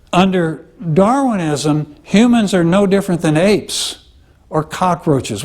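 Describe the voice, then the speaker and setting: A man with a slightly high voice teaches a class in an easy, conversational way. He keeps checking that his listeners follow with a quick "okay?" or "right?", and he fills his pauses with "uh" as he restarts his sentences. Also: a little mellow. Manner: explains with frequent "okay?" and "right?" check-ins; conversational, with many "uh" fillers and restarts. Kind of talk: classroom lecture.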